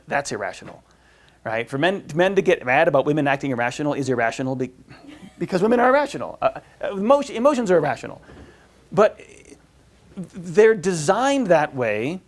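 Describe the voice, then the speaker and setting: A man's voice: on the high side, big pitch swings, fairly quick. A man giving a marriage class as a priest, talking informally with lots of fillers and restarts and acting out the voices he quotes. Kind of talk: informal teaching talk.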